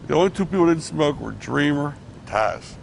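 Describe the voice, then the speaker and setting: A man's voice: on the high side, animated, fairly quick, gravelly, a little hiss or hum. A middle-aged man telling rambling backstage anecdotes in a casual interview, acting out what others said, on a clip-on mic. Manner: rambling anecdotes with restarts, acts out quotes. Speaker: former wrestling promoter.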